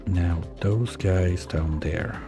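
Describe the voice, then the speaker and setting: A man's voice: sits low, extremely slow, creaky, music in the background. A man giving casual let's-play commentary, thinking aloud and muttering his calculations as he plans. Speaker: gameplay streamer.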